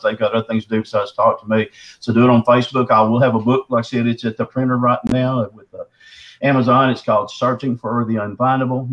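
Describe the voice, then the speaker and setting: A man with a sore throat, telling a story as a podcast guest in a folksy, animated way. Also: mid-range voice, muffled recording. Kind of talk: casual storytelling.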